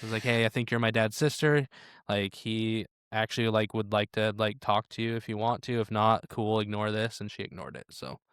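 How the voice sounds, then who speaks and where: A man in his thirties co-hosting a podcast, telling a family story in a relaxed, conversational way. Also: lowish voice, brisk, clear, resonant tone, no echo, clean studio sound. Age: 30s. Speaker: podcast co-host. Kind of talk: casual chat.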